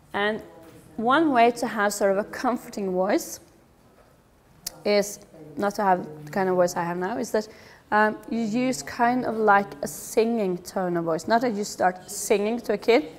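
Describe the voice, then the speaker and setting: A middle-aged woman giving a lively public talk about children's behaviour, with humorous asides. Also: medium pitch. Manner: lively, acts out quoted voices, humorous asides.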